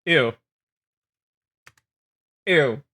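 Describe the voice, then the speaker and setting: Rambling, animated young male streamer. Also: fairly high pitch, drawn-out words. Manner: rambling, animated, jokey reactions to chat. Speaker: live streamer. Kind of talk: casual stream chat.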